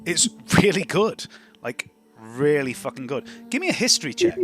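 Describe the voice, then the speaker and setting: A man running a tabletop game as game master, narrating in a relaxed, chatty way over a video call. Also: on the high side, moderate pace, soft background music.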